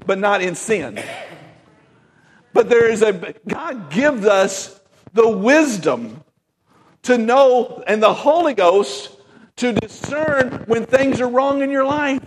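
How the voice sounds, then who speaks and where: A man preaching a Pentecostal sermon, emphatic, swinging from loud exclamations to quiet asides. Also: very high-pitched, lively intonation, slow, in a large hall. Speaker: pastor.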